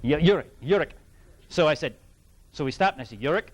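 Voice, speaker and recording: A middle-aged man from New England telling an anecdote to a fan audience, animated and laughing, with many restarts. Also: fairly high pitch, fairly quick. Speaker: guest actor at fan event. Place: event hall with audience.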